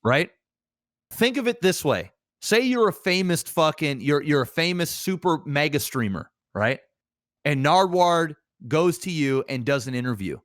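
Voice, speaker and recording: A man's voice: fairly high pitch, big pitch swings, a little slow, no echo, clean studio sound. A man co-hosting a podcast, talking animatedly in casual, swear-filled chat with many restarts. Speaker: podcast co-host.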